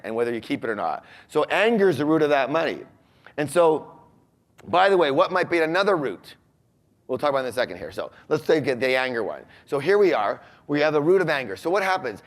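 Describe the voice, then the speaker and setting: A man giving a motivational seminar talk to a live audience, often asking them questions. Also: on the high side. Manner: animated, asks the audience questions. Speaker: seminar speaker. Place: large room with a live audience.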